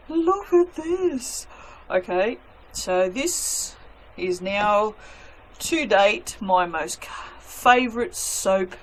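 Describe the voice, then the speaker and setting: A woman's voice: mid-range voice, slight background noise. A young woman chatting casually while cutting soap in a cold workspace at night, gushing and poking fun at herself. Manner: gushing, self-mocking, chatty with her cat. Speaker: soap maker.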